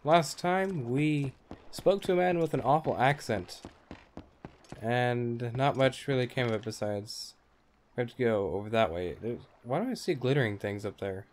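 A man's voice: mid-range voice, moderate pace, slight background noise. A man hosting a let's play, giving casual, rambling gameplay commentary with wry asides and offhand cursing.

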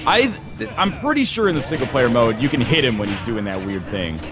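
Man, gaming commentary, rambling, jokey, lots of fillers, animated delivery, game music behind. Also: medium pitch, fairly quick. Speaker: let's play co-host.

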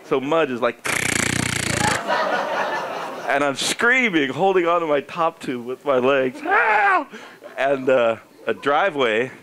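Animated American storyteller man. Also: a little slow, pauses often. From United States. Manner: animated, jumps into high squeaky character voices for quoted people. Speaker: cycling commentator and former pro racer. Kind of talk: comic storytelling to a live audience.

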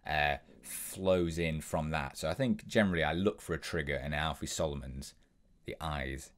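Man teaching a voice tutorial, low voice. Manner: upbeat, direct, step-by-step. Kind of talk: instructional tutorial.

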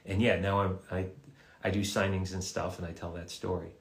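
A man, a voice actor, casually telling stories and answering fans' questions in a live session, in a halting way with frequent restarts and repeated words. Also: deep voice, flat delivery. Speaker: voice actor guest at an autograph livestream. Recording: roomy echo.

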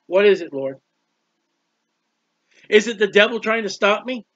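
A man's voice: sits high, moderate pace, long pauses, no room sound, lo-fi sound. A man preaching a sermon, reading scripture aloud and explaining it, drawing out words for emphasis. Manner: expressive Bible reading with commentary, stretches words.

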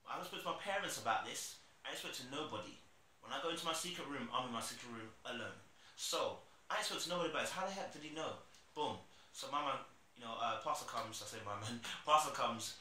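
A young man shares a casual religious testimony, acting out his younger self as he goes. His voice is very bright and forward. He records in a bare, echoey room with a faint hum of background noise. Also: mid-range voice, a little fast. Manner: animated storytelling, acting out his past self. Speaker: Christian vlogger. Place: room at home.

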